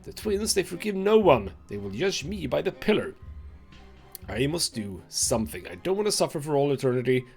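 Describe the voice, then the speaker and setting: A man's voice: on the high side, big pitch swings, normal speed, creaky, a little mellow, soft background music. A man voicing a gaunt old nobleman driven to madness, ranting with scorn and religious fervor in a game reading. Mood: raging, fanatical. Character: gaunt, maddened old male nobleman, venomous.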